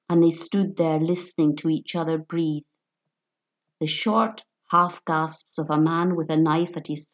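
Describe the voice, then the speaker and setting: Woman, story narration, slow pace, low pitch, measured delivery.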